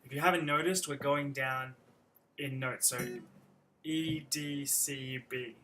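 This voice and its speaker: Man teaching guitar over loud strumming. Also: fairly high pitch, fairly even intonation, slow pace, poor audio. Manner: explains chords step by step, counting out patterns. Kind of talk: livestreamed guitar lesson. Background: his own acoustic guitar playing.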